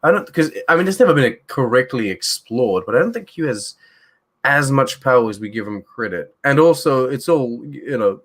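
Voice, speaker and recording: A man co-hosting a relaxed live stream, talking in a loose, teasing way and filling his sentences with "like" and "you know". His pitch sits in the middle range. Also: moderate pace. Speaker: co-host. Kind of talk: casual live-stream chat.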